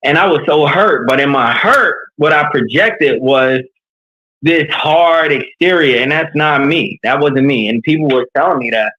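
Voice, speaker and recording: A man's voice: fairly high pitch, measured pace, muffled recording. A man from New York, a leadership coach, talking candidly and earnestly in an interview, telling personal stories with energy. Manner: earnest, animated storytelling.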